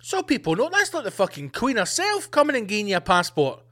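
A man's voice: high-pitched, huge pitch swings, a little fast, bright, forceful tone. A man hosting a podcast, ranting in a sweary, sarcastic comic monologue and slipping into mock voices. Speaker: podcast host.

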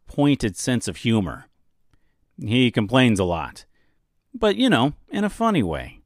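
A man's voice: mid-range voice, very animated, unhurried, dry recording, clean studio sound. A man hosting an audiobook podcast, giving wry, self-deprecating commentary.

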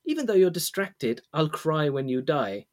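A man's voice: sing-song, moderate pace. A man voicing a blunt, curious four-year-old boy as he reads a book aloud. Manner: high, childlike questions.

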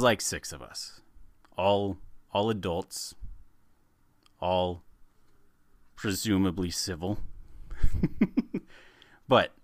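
A male podcast co-host chats casually, animated and laughing, and often repeats words when starting a sentence. His voice is lowish, with no echo.

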